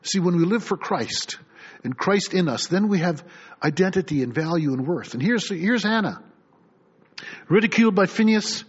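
A middle-aged pastor preaches a sermon with animation, reading scripture aloud and acting out the voices of its characters. His voice sits high with a breathy edge at a normal speed, captured on a dull lo-fi recording.

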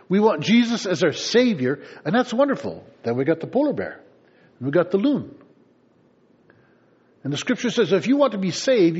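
A man's voice: high voice, darkish tone, slightly rough, lo-fi sound. A man preaching a sermon in a conversational way, with playful asides to the congregation. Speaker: pastor.

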